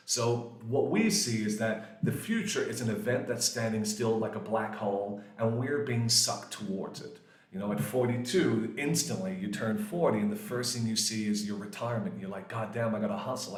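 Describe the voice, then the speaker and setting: Lively, foul-mouthed man in his forties teaching. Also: on the low side. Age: 40s. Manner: lively, swears often, acts out quoted voices. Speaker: English grammar teacher. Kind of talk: casual classroom explanation. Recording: echoey room.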